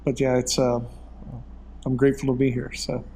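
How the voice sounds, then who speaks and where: A man in his late fifties talks in a relaxed, rambling way, filling his stories with "uh" and "you know." His voice sits at an ordinary pitch for a man. There is a faint hiss of noise behind him. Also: moderate pace. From Texas. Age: 50s. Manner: rambling, folksy storytelling with many fillers. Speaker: interview guest. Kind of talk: casual conversation.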